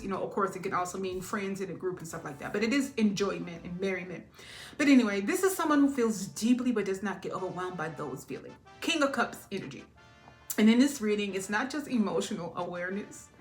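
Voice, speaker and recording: A woman's voice: mid-range voice, a little fast, soft background music. Chatty woman giving a tarot reading. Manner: chatty, laughs often, drifts off topic. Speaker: tarot reader.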